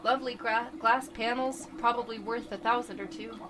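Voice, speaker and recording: A woman co-hosting a podcast, reading a horror comic aloud in an unhurried, dramatic way. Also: fairly high pitch, steady tone, background noise. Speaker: podcast co-host.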